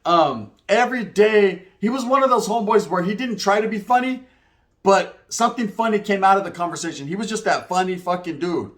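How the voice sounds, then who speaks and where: A man spins a casual story in quick, slangy bursts, never slowing down. His voice sits a little high for a man and stays lively throughout. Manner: slangy, animated, rapid-fire. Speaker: storyteller recounting prison life.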